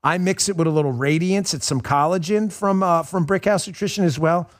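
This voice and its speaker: A middle-aged man hosts a talk show with a high-set voice. He rants in a mocking, animated monologue and drops into sarcastic put-on voices. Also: a little fast. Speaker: show host.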